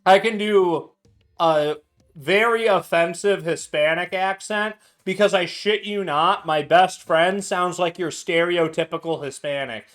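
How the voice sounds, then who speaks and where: A man's voice: high voice, measured pace, a bit bright, faint music behind. A young man chatting casually at his home bar, tipsy, loose and profane, laughing a lot. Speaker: streamer making cocktails. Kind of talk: casual chat.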